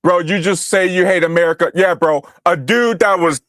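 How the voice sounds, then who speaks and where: High-voiced young man ranting angrily. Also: normal speed, no echo, studio quality. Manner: angry, profane, shouting at chat. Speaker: streamer reacting to chat. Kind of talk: heated political livestream rant.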